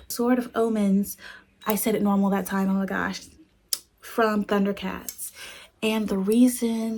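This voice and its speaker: A young woman chatting casually to her phone camera as a vlogger, self-teasing and sometimes dropping to a hush. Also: mid-range voice, gravelly. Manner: chatty and self-teasing, drifting to hushed tones. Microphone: phone front camera.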